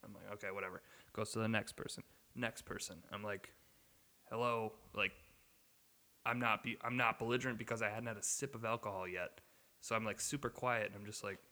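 Minnesota guy ranting a story on a podcast, bright edgy voice, lots of reverb. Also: on the low side. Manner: animated storyteller who acts out quotes, swears. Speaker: podcast co-host. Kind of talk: casual chat, storytelling.

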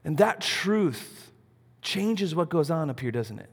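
A man preaching a sermon, animated, asking rhetorical questions and swinging between loud and soft. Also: fairly high pitch, takes it slowly, vocal fry, breathy edge. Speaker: pastor. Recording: long reverb of a large hall.

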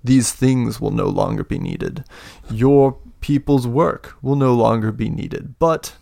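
A man voicing a big, scheming older lord with one good eye who speaks in slow, grandiose speeches and laughs deep and booming. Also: creaky, darkish tone, no echo, studio quality. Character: imposing older male lord, scheming, one-eyed mentor. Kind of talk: tabletop role-play narration.

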